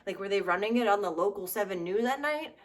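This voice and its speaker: A woman in her thirties giving sarcastic, comedic commentary on nostalgic trends, swearing and throwing in animated asides. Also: medium pitch, fast talker. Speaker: comedy vlogger.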